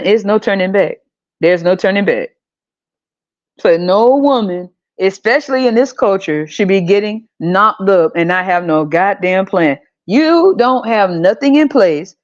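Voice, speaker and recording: A woman's voice: medium pitch, muffled recording. A woman hosting a podcast, ranting casually in a blunt, exasperated way and swearing freely. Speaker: podcast host.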